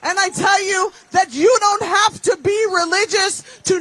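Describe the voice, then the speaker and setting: A woman's voice: extremely high pitch, fairly even intonation, a little slow, few pauses. A woman music director giving an impassioned rally speech and leading a crowd in song outdoors. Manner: impassioned, preaching, leads group singing. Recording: distant mic with loud crowd and music.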